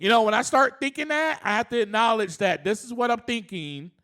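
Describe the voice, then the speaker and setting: A man's voice: very high-pitched, a little fast, sharp tone. A man hosting a solo self-help podcast, speaking earnestly, often laughing, and rising to passionate emphasis. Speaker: podcast host.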